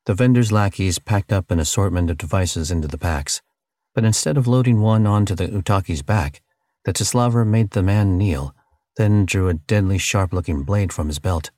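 A man narrating an audiobook in a steady, measured reading. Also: deep voice, no room sound, studio quality. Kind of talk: scripted narration.

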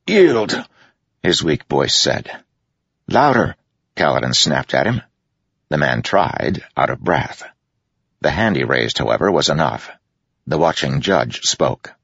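A man reading a fantasy story aloud in a steady, measured narration. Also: a bass voice, gravelly, no echo. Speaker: audiobook narrator. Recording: dull, lo-fi, dry recording.

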